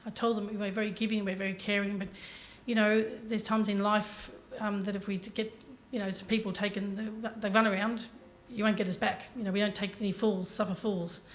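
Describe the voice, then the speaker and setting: A woman's voice: medium pitch, flat delivery, brisk, few pauses. A woman giving a motivational talk to a conference audience, telling her story earnestly and speaking directly to the listeners. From Ireland.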